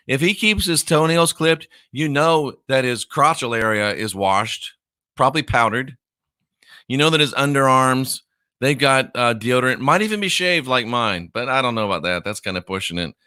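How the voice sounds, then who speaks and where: A middle-aged American man hosting a casual livestream, mocking and sarcastic, jumping between low mutters and loud outbursts. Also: clear, resonant tone, no room sound, studio quality. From United States. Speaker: online show host.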